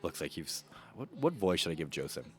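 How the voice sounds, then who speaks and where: A man's voice: sits low, big pitch swings, fast. A man streaming a game, tossing in offhand asides with some swearing. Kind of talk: casual let's-play commentary.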